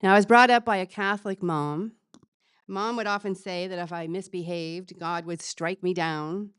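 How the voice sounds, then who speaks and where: An actress playing a funeral celebrant with new-age beliefs, speaking softly and earnestly, rambling with fillers. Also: female voice, lowish voice, steady tone, normal speed, smooth, dry recording, studio quality, close to an everyday voice.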